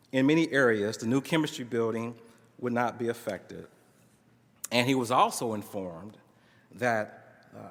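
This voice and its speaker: A man reads a story aloud to a conference audience, his voice sitting at an ordinary middle pitch. He acts out the dialogue with changing voices. A long hall reverb trails after his words. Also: fairly bright tone. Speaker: conference speaker reading a case story. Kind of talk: dramatic reading of a narrative.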